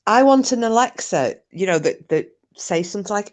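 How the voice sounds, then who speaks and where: A woman's voice: mid-range voice, expressive, normal speed, darkish tone. A woman from Scotland hosting a casual live chat with viewers, talking in a jokey, rambling way with lots of fillers and restarts. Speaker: live stream host.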